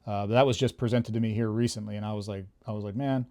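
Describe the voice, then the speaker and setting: Casting: male channel host, mellow, relaxed tone, chatty and emphatic, casual to-camera talk. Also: on the low side, fast talker. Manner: chatty, fillers, emphatic warnings. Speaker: YouTube coin and bullion channel host.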